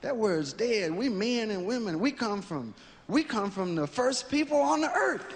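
A man's voice: sits high, big pitch swings, moderate pace, long reverb tail, background noise. A man telling a reflective, earnest and profane stand-up story. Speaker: stand-up comedian. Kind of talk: stand-up comedy monologue.

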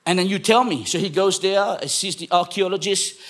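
A man from England preaching a sermon to a congregation, telling a story and then shouting exhortations. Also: high-pitched, moderate pace. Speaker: pastor. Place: church.

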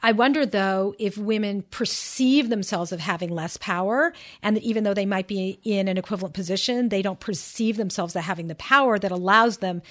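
A woman's voice: medium pitch, brisk, hardly any pauses. Woman host asking curious questions. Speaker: podcast host. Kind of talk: interview questions.

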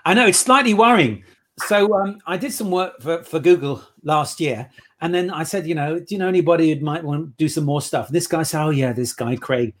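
A man's voice: a little high, a little fast, a bit bright. A man on a casual interview, telling playful anecdotes about his work as an improv performer. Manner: chatty anecdotal storyteller, playful.

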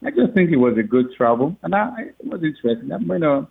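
A man, the father of a recruit, telling a story in a rambling, halting way with frequent laughs. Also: fairly high pitch, sing-song, gravelly, slightly rough. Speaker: father of a recruit, interview guest. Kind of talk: phone interview, storytelling. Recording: tinny phone line.

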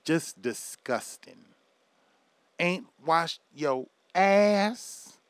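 High, smooth-voiced man ranting profanely. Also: extremely slow, dry recording. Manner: loud, profane, animated ranting with laughs. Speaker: commentary vlogger. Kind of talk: profane rant to camera.

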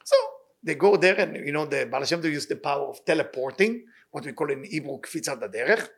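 A man giving an impassioned sermon and telling a story, repeating his key words and speaking loose, halting English. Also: fairly high pitch, expressive, fairly bright tone, breathy edge. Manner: loose, halting non-native English grammar. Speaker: rabbi giving weekly inspiration.

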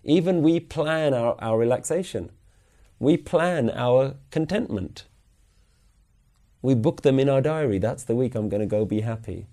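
A man giving a Sikh religious lecture at a weekly class, earnestly questioning his listeners and slowly chanting scripture lines. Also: mid-range voice, lively intonation, mellow. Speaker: Sikh teacher.

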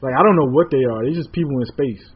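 A man chatting as a podcast guest, rambling excitably and packing his talk with "like". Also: mid-range voice, fast, breathy edge, lo-fi sound. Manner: excitable, rambling, heavy use of "like". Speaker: podcast guest, comic artist. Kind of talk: casual chat.

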